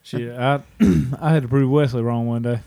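A man's voice: medium pitch, normal speed, creaky, mellow. A man, joking around in casual chat.

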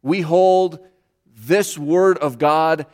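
A man's voice: a little high, drawn-out words, a little mellow. A man preaching a sermon as pastor, earnest and emphatic, repeating key phrases for weight. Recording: long hall reverb.

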